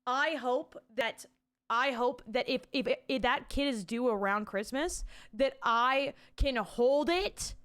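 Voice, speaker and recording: A woman's voice: sits high, slow pace, clean tone. Chatty, foul-mouthed young woman streamer. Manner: chatty, swears freely, laughs often, breaks into loud shouting bits. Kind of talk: casual live-stream chat.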